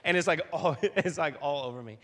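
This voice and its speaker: His fairly high voice moves a little fast, trailing a long reverb. The youth pastor is preaching to young people through a lengthy personal story, told with animation and riddled with fillers and repeated starts.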